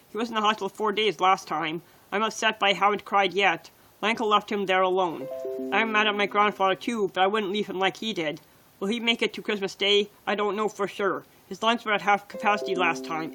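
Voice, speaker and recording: A woman's voice: medium pitch, a bit bright, poor audio. A woman reading her own poems on a livestream, in plain and earnest short sentences.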